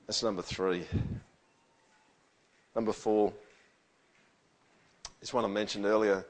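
Male pastor, casual conversational sermon, animated in quotes. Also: on the low side, slow. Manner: conversational, animated when quoting.

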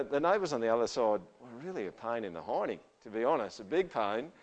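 A middle-aged Australian man preaching a sermon. He talks in a relaxed, anecdotal way, full of asides and quick remarks to the congregation. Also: mid-range voice. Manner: chatty storytelling with asides and laughs. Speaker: pastor.

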